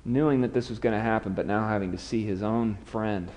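A pastor with a lowish, darkish voice preaches fairly quickly, his words followed by long reverb. He narrates his sermon's story with drama and raises his voice to act out the characters.

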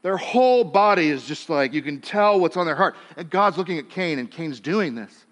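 A man with a fairly high voice delivers a sermon like he is talking with friends. He drops to near hushes and then rises to emphatic lines, and he slips into casual speech to act out the biblical figures. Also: expressive, moderate pace. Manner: conversational, swings between hushed and emphatic. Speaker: pastor.

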